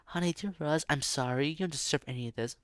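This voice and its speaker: A fretful, fiercely protective middle-aged mother, voiced by a man reading her lines aloud. The delivery is halting and stumbles now and then over the words. The sound is dry, with no room echo. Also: a little high, a bit bright, natural voice.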